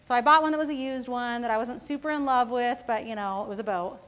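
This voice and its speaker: A woman's voice: on the high side, quick pace, fairly bright tone. A woman who founded a company, giving a casual motivational talk to students, telling self-mocking stories and often checking in with the audience. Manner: casual storytelling, often asking the audience "right?".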